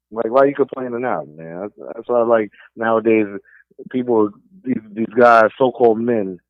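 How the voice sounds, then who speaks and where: Brief: streetwise New York sports radio host, opinionated rant, deep-ish voice, dry phone-quality sound. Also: male voice, no room sound. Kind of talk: casual sports talk radio. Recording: dry, phone-like narrow band.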